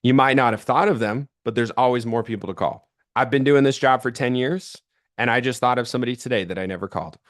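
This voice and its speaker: A man in his thirties gives a sales training talk in an energetic, chatty way. His voice sits at an average pitch. He acts out phone calls as he tells his stories. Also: quick pace.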